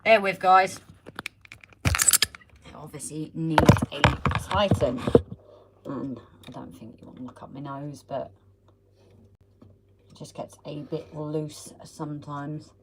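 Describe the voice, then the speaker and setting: A woman's voice: low-pitched, slow, pauses often, very noisy. Chatty woman greeting live viewers. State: slightly croaky, recovering from illness. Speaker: livestream host. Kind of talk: casual live-stream chat. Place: home. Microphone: phone on a holder.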